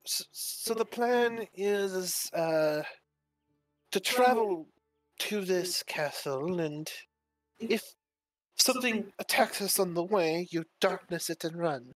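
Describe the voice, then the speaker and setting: A woman's voice: lowish voice, expressive, slow pace, dry recording, soft background music, poor audio. A woman casually chatting while playing a bard in a tabletop game, stammering and giggling often. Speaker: player, bard.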